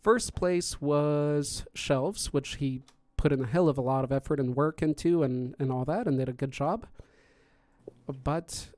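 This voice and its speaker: A man with a fairly high, darkish voice speaks at a measured pace with no room sound, hosting a podcast stream. Casual and rambling, he explains how contest judging works, full of fillers and restarts.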